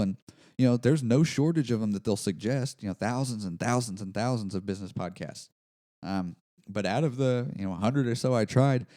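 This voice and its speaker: A man's voice: mid-range voice, mellow. A man hosting a business podcast, talking casually in a rambling, self-deprecating way with lots of fillers and restarts. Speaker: podcast host. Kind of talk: casual solo podcast monologue.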